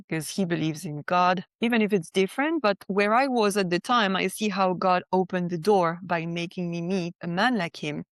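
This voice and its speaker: A woman's voice: on the low side, no room sound. A young woman from France, sharing a personal testimony as a podcast guest in a chatty way, peppered with "like" and "right?".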